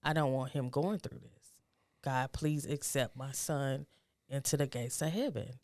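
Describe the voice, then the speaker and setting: Appearing as a guest, a middle-aged woman with an extremely low voice recounts a personal story in a soft, hesitant, reflective manner. Her tone grows urgent once she offers advice, and there's no echo.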